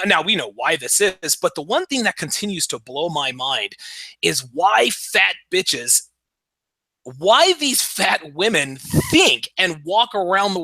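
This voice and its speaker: A man hosting a podcast in a loose, casual chat, his voice sitting a little high and swinging widely up and down. The tone is bright and a touch sharp, crude and mocking. The sound is very dry and close, with no room around it. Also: no echo, low-quality recording. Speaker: podcast host.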